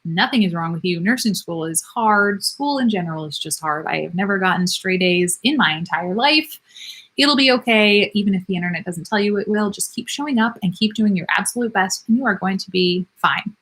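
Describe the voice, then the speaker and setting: A woman's voice: medium pitch, a little fast, a bit bright, slightly rough. A woman in her thirties, a nurse practitioner, answering viewer comments in a candid, self-deprecating live Q&A. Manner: chatty, candid and self-deprecating, with frequent laughs.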